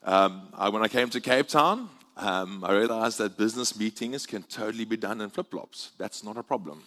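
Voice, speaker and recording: Male preacher, low register, chatty and jokey delivery, live in a reverberant church hall. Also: normal speed. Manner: chatty, jokey, animated swings in loudness. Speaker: guest preacher. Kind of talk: sermon.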